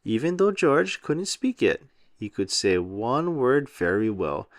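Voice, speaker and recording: A man reading a children's picture book aloud with an animated, sing-song delivery. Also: mid-range voice, unhurried, no echo, studio quality. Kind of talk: read-aloud storytelling for children.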